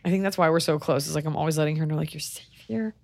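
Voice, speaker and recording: A woman's voice: sits low, steady tone, very fast, darkish tone, dry recording. A woman co-hosting a podcast in casual chat, with dry, teasing humor. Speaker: podcast co-host.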